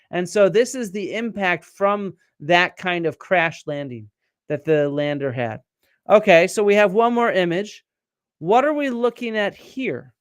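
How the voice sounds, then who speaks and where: High, clear-voiced man quizzing viewers. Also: no echo, clean studio sound. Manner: explanatory, quizzing the audience, many fillers and restarts. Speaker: archaeologist and show host. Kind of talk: live-stream science chat with viewer comments.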